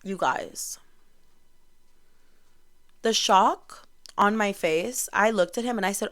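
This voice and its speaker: Young woman in her 20s rambling on her podcast, super chatty, lots of "like", smooth clear voice. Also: mid-range voice, slow pace, pauses often, fairly bright tone. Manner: chatty, bubbly, heavy use of "like". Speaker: podcast host. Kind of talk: casual solo podcast storytelling.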